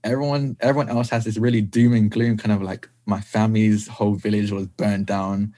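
A man's voice: fairly low pitch, little pitch movement, a little fast, warm tone. A young British man chatting casually as a podcast guest, laughing often between phrases. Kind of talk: casual chat.

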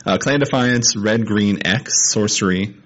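Very deep-voiced man talking casually. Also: a little slow, muffled recording. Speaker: podcast co-host. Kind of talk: casual chat.

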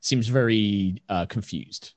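A man narrating as game master of a tabletop game, halting and full of fillers. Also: on the low side, no room sound.

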